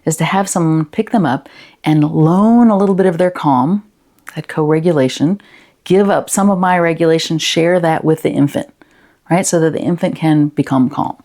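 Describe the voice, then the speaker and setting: Woman presenting to educators, low voice, gravelly, mellow tone, gentle explaining. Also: normal speed. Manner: gentle, explaining, asks the listener questions. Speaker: educator and consultant.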